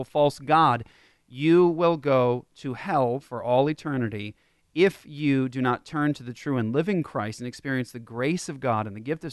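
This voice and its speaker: Male co-host, smooth and fairly high, animated, dry close mic. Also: no room sound. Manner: animated, mocking voices when quoting. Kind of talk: casual Christian podcast discussion.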